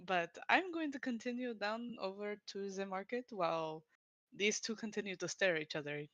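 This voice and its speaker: A woman's voice: medium pitch, normal speed, fairly bright tone, no echo, dull audio. A woman playing a tabletop game, talking in a playful, wry way. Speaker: player. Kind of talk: casual tabletop play.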